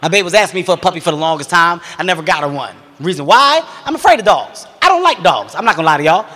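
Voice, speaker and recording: A man's voice: high-pitched, expressive, racing, bright, forceful tone. A man telling a stand-up story with intense, profane energy. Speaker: stand-up comedian. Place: comedy stage before a live audience. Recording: long hall reverb.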